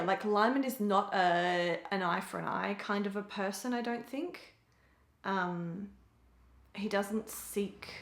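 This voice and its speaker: Chatty woman reviewing a book, roomy echo. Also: medium pitch. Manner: chatty, many fillers, laughs at own remarks. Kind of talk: casual spoken book review.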